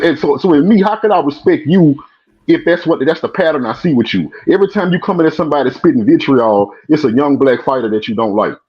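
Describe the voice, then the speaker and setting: A man from Baton Rouge with a Louisiana accent, calling in and lecturing emphatically about boxing. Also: on the high side. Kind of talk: heated call-in commentary. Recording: muffled husky call-in line.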